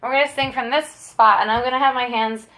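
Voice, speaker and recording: A young woman teaching a voice lesson, giving calm, encouraging coaching with many casual fillers. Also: on the high side, a little fast, roomy sound.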